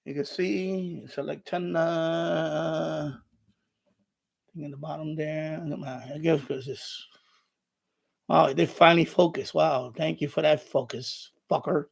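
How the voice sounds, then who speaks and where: Broadcasting an unscripted live stream from his home radio room, this man rambles, swears a lot, and sounds irritable while showing off his radios. His voice is gravelly and fairly high, with a steady tone and a slow pace.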